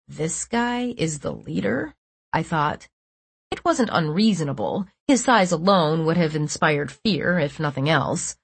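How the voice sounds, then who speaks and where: Woman reading an audiobook, low husky voice, dry close mic. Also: no room sound. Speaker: audiobook narrator. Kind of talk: first-person novel narration.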